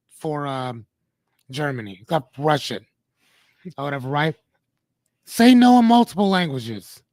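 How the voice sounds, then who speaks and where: A man's voice: a little high, no echo, studio quality. A man hosting a podcast in a casual, rambling way, often correcting himself and talking to his listeners. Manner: rambling, self-correcting, talks to the chat. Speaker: podcast host.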